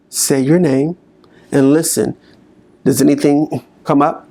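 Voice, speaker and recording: A man speaking as a motivational speaker, slowly coaching listeners through a guided exercise. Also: a little high, steady tone, creaky, warm tone. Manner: slow, coaching delivery with long pauses.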